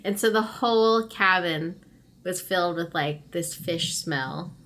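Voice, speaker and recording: A woman's voice: fairly low pitch, a little slow, fairly bright tone, a little hiss or hum. A woman in casual chat, telling rambling stories and laughing often. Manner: giggly, rambling storyteller.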